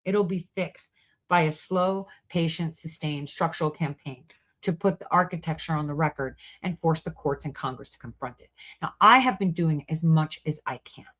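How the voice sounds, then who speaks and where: A woman hosting a heated monologue to her online audience, profane and angry, swinging between loud outbursts and hushed asides. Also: sits low. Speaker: host.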